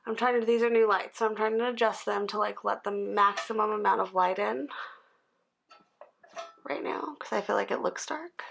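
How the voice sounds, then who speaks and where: A tired woman in her thirties chatting casually as she fills in a planner, rambling and dropping into soft asides under her breath. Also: mid-range voice, fairly even intonation, normal speed, vocal fry. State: tired, yawning. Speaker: planner vlogger. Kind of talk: casual chat while planning.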